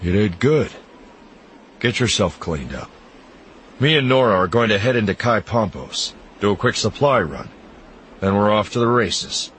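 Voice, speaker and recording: A man putting on a gruff older smuggler, brisk and commanding, lively up-and-down pitch, low voice. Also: slight background noise. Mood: eager. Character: grizzled older male smuggler, eager and rough.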